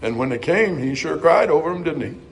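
A middle-aged man preaching a sermon earnestly, climbing to emphatic highs and dropping to soft, quiet passages. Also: lively intonation, fairly quick, vocal fry, a little hiss or hum, low-quality recording.

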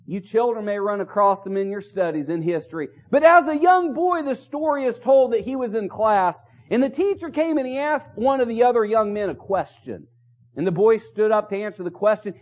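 A man's voice: extremely high pitch, darkish tone. A man preaching a sermon in a chapel, earnest and exhorting, driving points home with rhetorical questions and repetition. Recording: dull lo-fi recording.

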